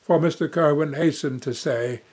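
A man's voice: a little high, normal speed, a little mellow, breathy edge. A young man narrating a classic novel in first person with dramatic, emotive delivery. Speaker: audiobook narrator.

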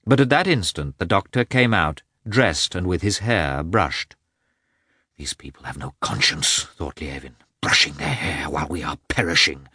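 A man narrating a classic novel as an audiobook in a measured, expressive reading. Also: sits low, no room sound, studio quality. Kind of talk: scripted literary narration.

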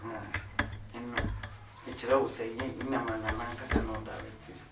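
A man talking reflectively in casual chat, halting and repeating key phrases. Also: mid-range voice, level tone, over loud music. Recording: distant mic in an echoey noisy room.

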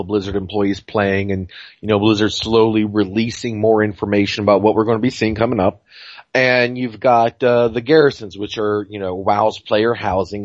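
A man's voice: on the low side, no room sound. Rambling, cursing man on a dull, dry mic. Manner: rambling, profane, full of fillers and restarts. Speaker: podcast co-host. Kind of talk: casual gaming podcast chat.

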